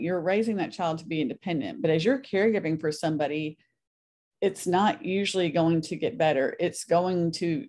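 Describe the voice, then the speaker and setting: A woman's voice: sits low, a little mellow. A middle-aged woman, a guest on a faith podcast, telling her story earnestly and acting out the voices she quotes.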